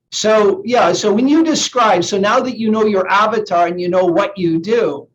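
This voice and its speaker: An earnest, higher-voiced man working as an NLP coach talks during a live online coaching session, repeating words as he thinks. The recording is lo-fi and slightly dull, with a faint hiss.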